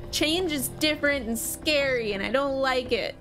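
Brief chatty woman streamer, playful game commentary, faint music underneath. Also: fairly high pitch. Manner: playful, chatty, quick reactions. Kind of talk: live game-playing commentary.

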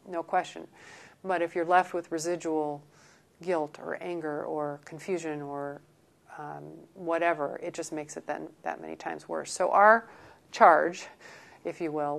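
A woman on a palliative care team explaining her team's goals in a measured way. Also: low voice, gravelly. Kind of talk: documentary interview.

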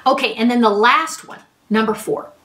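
A woman's voice: fairly high pitch, normal speed, fairly bright tone, recorded from a distance. A middle-aged woman therapist explaining a listening skill in a friendly, conversational way, with examples. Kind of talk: talking-head advice lesson.

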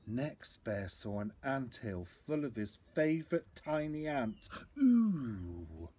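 A man reading his own picture book aloud to children in an expressive, animated storybook style. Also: medium pitch, measured pace. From England.

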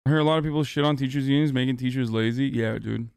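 A man's voice: mid-range voice, fast, vocal fry, a little mellow, clean tone, no echo, clean studio sound. A young man streaming live, answering chat questions in a casual, heated, profane rant.

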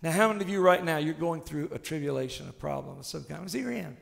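A male pastor preaching a sermon with passion, swinging between shouted declarations and hushed, intimate tones. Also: a little high, fast talker, gravelly, in a large hall.

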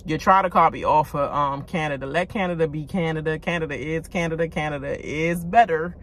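A woman's voice: deep voice, steady tone, brisk, slight background noise. A woman giving a blunt, casual rant about a reality show, talking straight to her viewers and swearing freely. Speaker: reality TV commentator.

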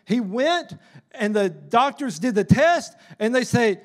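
A man preaching a sermon in a church as a missionary, with an excitable, emphatic delivery. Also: very high-pitched, slow, a faint crowd. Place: church sanctuary.

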